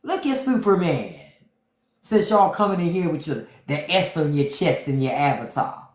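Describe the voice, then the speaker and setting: A woman's voice: low-pitched, animated, moderate pace. Mocking, profane woman livestream host. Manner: mocking, profane, talks back to chat. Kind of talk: unfiltered livestream commentary. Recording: roomy echo.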